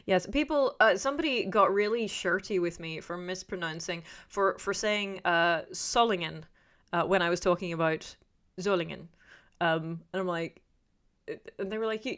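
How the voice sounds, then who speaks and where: A woman chatting casually on a livestream, reading chat and rambling off on tangents in a self-deprecating way. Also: on the low side. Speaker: YouTuber reading live chat.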